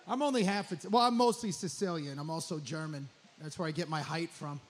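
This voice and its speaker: A man's voice: fairly high pitch, a little hiss or hum. A man from New doing a profane, rambling stand-up comedy set on a club stage. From New Jersey. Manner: profane, rambling, rapid riffing.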